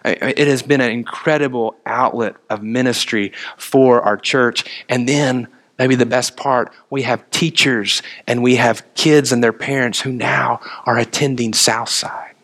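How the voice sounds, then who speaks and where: A man in his thirties preaches to his congregation in a middle-pitched voice. He moves from story to reflection, often restarting his phrases as he talks. The delivery is relaxed and conversational rather than grand. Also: measured pace, few pauses. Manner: storytelling, quotes others in conversation. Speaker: minister. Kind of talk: sermon.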